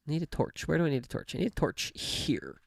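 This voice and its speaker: Gravelly, lively-voiced game streamer. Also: medium pitch, brisk, dry recording. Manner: rambling, many fillers and self-corrections; laughs often while talking. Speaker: gaming livestream host. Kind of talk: casual chat while livestreaming a game. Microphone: studio microphone with pop filter.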